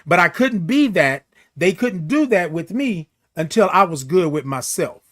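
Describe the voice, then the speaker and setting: A man's voice: sits high, expressive, a little slow, a bit bright. A middle-aged man hosting a morning live show, giving an emphatic, preachy pep talk that repeats key phrases and reads viewer comments.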